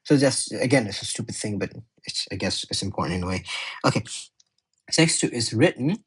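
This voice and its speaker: A man's voice: lowish voice, expressive, brisk, husky, poor audio. A man tutoring English in a casual exam walkthrough, chatty and often correcting himself as he thinks aloud.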